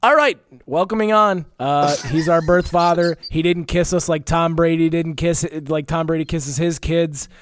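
A man's voice: fairly high pitch, fairly even intonation, normal speed, few pauses, slight background noise. A young man hosting a casual podcast, joking and teasing his guests. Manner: joking, teasing, laughs often. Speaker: podcast host.

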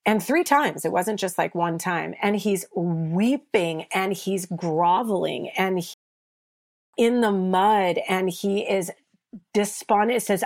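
A woman's voice: medium pitch, a little slow. A woman pastor and author as a guest, speaking in an earnest preacher's cadence about faith. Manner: earnest preacher's cadence, voices biblical figures with rising intensity. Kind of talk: passionate faith conversation.

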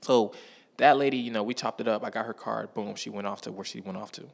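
A man's voice: fairly low pitch, steady tone, fast talker, creaky. A man telling stories from his life in a casual, slangy monologue, often checking in with the listener. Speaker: vlogger.

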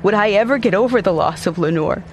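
High-voiced man narrating a dark tale. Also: expressive, fast, over music. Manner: intense, brooding and theatrical. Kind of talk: dramatic first-person story narration.

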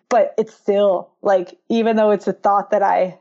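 A woman's voice: medium pitch, normal speed, muffled recording. A woman who is a marketing consultant, speaking as a podcast guest in casual conversation and acting out her own thoughts as she tells stories. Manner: animated storytelling, acts out her own thoughts.

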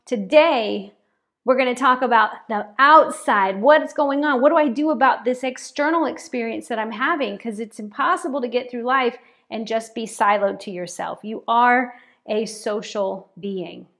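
A woman pastor preaching a sermon in an animated way, repeating words for emphasis. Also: fairly high pitch, normal speed. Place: church, speaking to a congregation and online chat.

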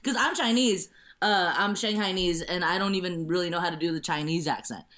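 A woman's voice: fairly low pitch, a little fast, a bit bright. A woman guest on a podcast, an actress and comedian from Southern California, chatting playfully and laughing often. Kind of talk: casual podcast interview.

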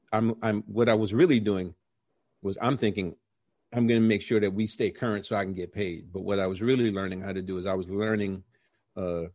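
A middle-aged man, a jazz musician being interviewed, telling stories about his early career in a lively, conversational way and acting out the voices he quotes. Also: lowish voice, no room sound. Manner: animated storyteller who acts out quoted voices.

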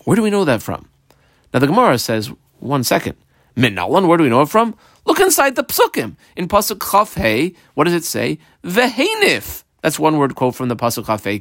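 A man leads a Talmud class in a mid-pitched voice, reading lines of Aramaic and then unpacking them in English. He keeps the explanation lively with rhetorical questions that he answers himself. The sound is dry and close, with no room echo. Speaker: Talmud teacher.

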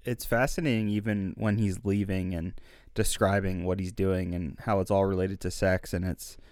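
Young man, podcast co-host, reflective casual chat, low pitch. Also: little pitch movement, normal speed, darkish tone, no echo, studio quality. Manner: thoughtful, reflective, long winding sentences. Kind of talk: casual film discussion.

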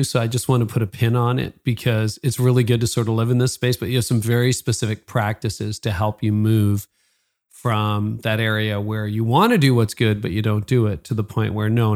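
A man's voice: lowish voice, darkish tone. A man hosting a podcast interview, steering the talk in a friendly way with short affirmations. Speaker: podcast host.

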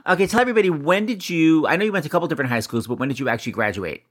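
An animated man hosting his podcast, his pitch leaping up and down as he gossips and tosses off jokes. The sound is close and dry, with no room around it. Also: no echo. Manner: animated, gossipy, quick comic asides. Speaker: podcast host. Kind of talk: chatty podcast monologue and interview.

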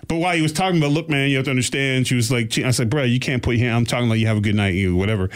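A man telling a long story in a casual, animated way, with voices for the people he quotes. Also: mid-range voice, rapid-fire. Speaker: podcast guest telling a story.

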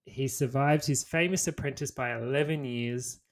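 A man's voice: medium pitch, moderate pace. Australian man reading a history tale. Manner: storytelling read with swearing asides. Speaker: podcast co-host. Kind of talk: reading a history story aloud, with casual banter.

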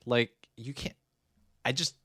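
Exasperated low-voiced man on a dry mic. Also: measured pace, sharp tone, husky, no room sound. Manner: exasperated, emphatic ranting. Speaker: podcast co-host. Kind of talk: casual chat.

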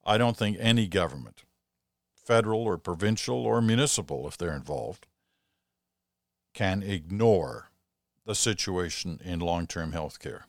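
A man's voice: sits low, lively intonation, unhurried, pauses often, no room sound. Canadian male podcast host, dry sound. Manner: chatty, thinks aloud in asides. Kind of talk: reading listener mail with casual asides.

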